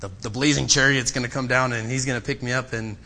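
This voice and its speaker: A man preaching a sermon, swinging between loud, impassioned pleading and quiet, personal storytelling. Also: fairly even intonation, fast. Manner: impassioned, rising to loud pleading then dropping low and personal.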